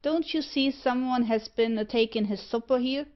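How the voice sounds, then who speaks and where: A woman's voice: on the high side, normal speed, voice pushed up, close to an everyday voice. A woman voicing a cheerful, greedy male dog thief who speaks in breezy dialect in a storybook reading. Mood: jovial. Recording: muffled lo-fi audiobook recording.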